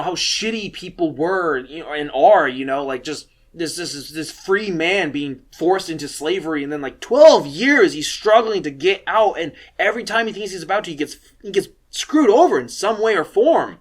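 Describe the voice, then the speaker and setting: A man's voice: a little high, lively intonation, normal speed. Rambling, profane young man. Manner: rambling and profane, many fillers. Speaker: film reviewer. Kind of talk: casual film recommendations.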